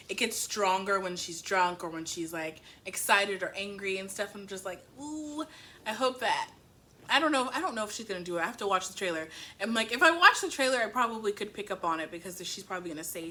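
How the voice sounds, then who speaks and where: Chatty woman book reviewer, a bit high, bright tone, rambling and self-interrupting. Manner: laughs easily. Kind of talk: casual chat.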